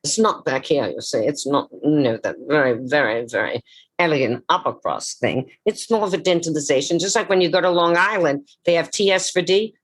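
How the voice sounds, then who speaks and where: An older woman, an actress, telling her life story theatrically on a video call, slowing and dropping low for emphasis. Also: lively intonation. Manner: dramatic, slows for emphasis, drops low on key words. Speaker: actress and memoir author, guest.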